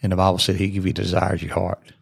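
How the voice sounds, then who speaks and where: A man's voice: low-pitched, completely flat delivery, quick pace, vocal fry, slightly rough, no echo, studio quality. A man, hosting a podcast and preaching in an earnest, folksy, repetitive way with many fillers. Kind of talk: sermon-style podcast talk.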